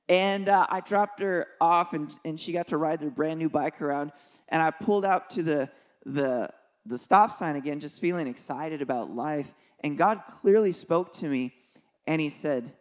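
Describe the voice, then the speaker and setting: Middle-aged male pastor, slightly high voice, relaxed storytelling sermon with light jokes. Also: moderate pace. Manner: conversational and joking, with soft dips for emphasis.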